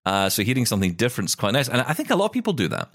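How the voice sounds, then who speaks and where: A Scottish-accented man co-hosts a podcast, chatting casually and enthusiastically about tech and often correcting himself mid-sentence. His mid-range voice moves very fast, in animated, studio-quality audio with no room sound.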